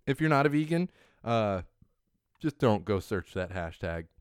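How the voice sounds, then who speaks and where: A man's voice: on the low side, very animated, unhurried, clean tone, dry recording, studio quality. A man in his thirties chatting casually about trending topics as a host, rambling and often restarting his sentences. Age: 30s. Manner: chatty, rambling, self-correcting with frequent restarts. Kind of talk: casual chat on social trends.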